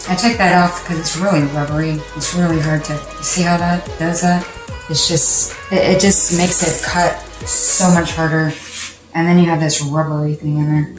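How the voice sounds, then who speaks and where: A woman's voice: sits low, flat delivery, normal speed. A woman hosting a home cooking video, chatting casually and laughing often as she cooks. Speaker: cooking show host. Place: home kitchen. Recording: echoey kitchen with music.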